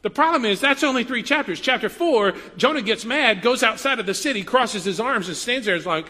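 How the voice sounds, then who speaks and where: A man preaches in an easy, conversational way, slipping into playful asides and quoted voices. His voice sits high and bright, and it carries the long reverb of a large hall. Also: animated, a little fast, few pauses. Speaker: pastor. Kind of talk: sermon.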